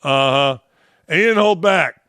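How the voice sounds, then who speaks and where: A man's voice: high voice, normal speed, sharp tone, no room sound, studio quality. A man hosting a sports talk show, giving brash, mocking, opinionated commentary.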